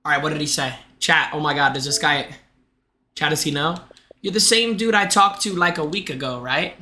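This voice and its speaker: A young male streamer with a high, piercing, tense voice, reacting to his game in bursts of excitement. He talks straight to his chat and often shouts. Faint music plays behind him. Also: a little fast. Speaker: gaming streamer. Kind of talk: live game commentary.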